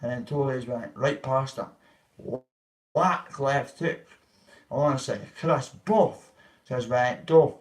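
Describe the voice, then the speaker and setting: Speaking slowly in a mid-range voice and pausing often, this vlogger rambles profanely through a story for his livestream audience. He voices the quoted people himself, and he's a bit far from the mic.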